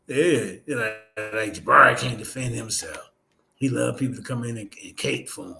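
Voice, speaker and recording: Bright, combative man ranting on stream. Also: medium pitch, vocal fry, slight background noise. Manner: combative, profane, fast-talking trash talk. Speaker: streamer host. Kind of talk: heated livestream rant.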